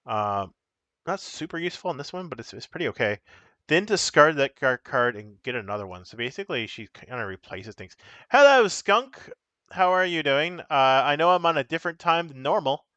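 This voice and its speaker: A man's voice: mid-range voice, lively intonation, fairly quick, pushed and bright, no room sound, highs cut off. A man casually chatting on a live stream as he shows and explains the cards of a solo card game, rambling and correcting himself as he goes.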